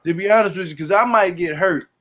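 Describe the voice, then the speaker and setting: Guy hosting a podcast, pretty high voice, emphatic, keeps saying to be honest. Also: fast. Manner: animated, emphatic, leans on "to be honest". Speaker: podcast host. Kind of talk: casual chat recapping a reality show.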